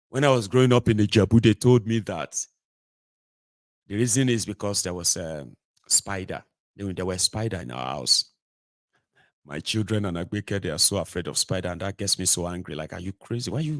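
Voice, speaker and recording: Animated Nigerian man hosting a livestream. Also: low voice, normal speed, pauses often, no echo, studio quality. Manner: animated, mixes pidgin and Yoruba, acts out voices. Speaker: host. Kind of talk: casual livestream monologue. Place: home studio.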